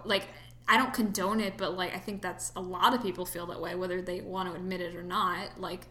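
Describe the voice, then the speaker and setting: Bright chatty woman in an echoey room. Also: brisk. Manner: chatty, lots of fillers, animated swings in pitch. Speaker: podcast co-host reviewing a film. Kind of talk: casual chat.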